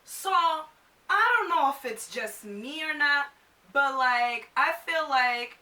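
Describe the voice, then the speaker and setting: A woman's voice: high voice, animated, slow, pushed and bright, distant mic. A woman in her twenties chatting to camera as a vlogger, casual and full of "like". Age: 20s. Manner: chatty, fills with "like". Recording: echoey room, a bit off mic.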